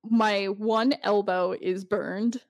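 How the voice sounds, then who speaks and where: A woman's voice: mid-range voice, fairly even intonation, takes it slowly, no echo, low-quality recording. A woman podcast host in casual chat, telling a story in a rambling way with many restarts.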